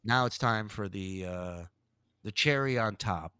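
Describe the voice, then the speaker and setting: A man's voice: lowish voice, bright, forceful tone, clear, resonant tone, no echo. A man hosting a podcast, chatting casually and joking while reacting to video clips. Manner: joking, quick to laugh, talks over clips. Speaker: podcast host.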